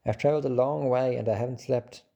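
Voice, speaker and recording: A man's voice: medium pitch, fairly even intonation, quick pace, vocal fry, warm tone, lo-fi sound, close to an everyday voice. A man doing a timid, polite little prince.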